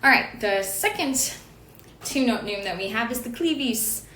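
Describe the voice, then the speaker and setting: A woman's voice: fairly high pitch, lively intonation, measured pace, sharp tone, echoey room, a little hiss or hum. A woman giving an online lesson on chant notation, explaining patiently with fillers and small asides. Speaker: chant teacher.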